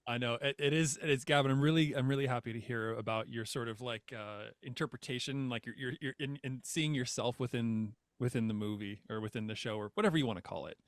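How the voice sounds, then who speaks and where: A man's voice: mid-range voice, quick pace, hardly any pauses, no room sound, clean studio sound. A man appearing as a podcast guest in casual chat, self-deprecating and hesitant, with fillers.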